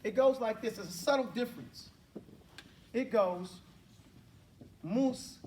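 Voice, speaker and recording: Recorded from afar in an echoey room with slight background noise, a man whose voice sits high and a little mellow leads a Quran pronunciation drill. He corrects students, models sounds slowly, and has them echo him repeatedly while the class can be heard.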